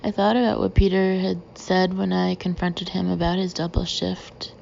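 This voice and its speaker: Woman narrator, first-person audiobook, flat low delivery, gravelly. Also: normal speed, highs cut off, slight background noise.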